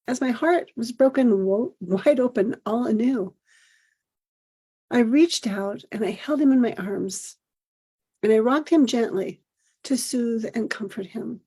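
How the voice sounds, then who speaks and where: Soft-spoken woman reading a personal story. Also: on the high side, breathy edge. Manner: gentle, measured storytelling. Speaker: podcast host. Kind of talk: reading a personal essay aloud.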